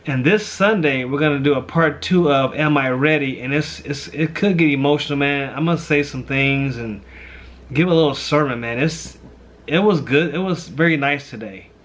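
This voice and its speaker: A man's voice: on the high side, moderate pace, fairly bright tone. Heartfelt man in a casual reflective chat. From St. Louis. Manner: heartfelt, says "man" and "you know" often. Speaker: pastor and vlog host.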